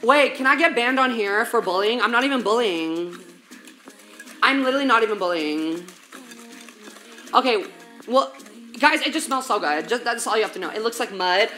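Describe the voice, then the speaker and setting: Bright, slangy valley-girl woman streamer. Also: fairly high pitch, expressive, normal speed, long pauses, soft background music. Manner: valley-girl slang, profane, chatty, talks straight to chat. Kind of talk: casual baking livestream chat.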